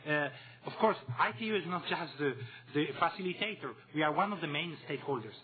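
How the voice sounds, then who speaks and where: A man's voice: a little high, lively intonation, fast, husky. A man with a Spanish accent giving a conference presentation, hesitant and repeating words, with joking asides. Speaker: conference speaker. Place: meeting room. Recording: tinny phone-like audio with faint hum.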